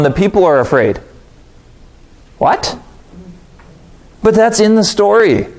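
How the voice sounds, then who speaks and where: A man teaching a Bible study in a relaxed, conversational way. His voice sits a little high and swings widely in pitch, jumping up when he acts out a reaction. He keeps asking his listeners questions. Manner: asks the audience rhetorical questions.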